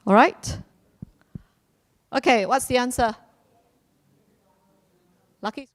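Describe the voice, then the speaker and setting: A woman's voice: a little high, slow pace. A woman hosting a live quiz at a community celebration, playful and repeating her instructions, laughing now and then. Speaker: quiz host.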